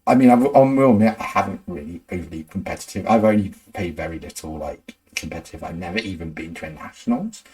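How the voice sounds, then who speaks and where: A young man hosting, chatting casually and rambling through a story, full of "like" and "sort of" and quick laughs. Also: low voice, a little mellow, poor audio. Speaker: host.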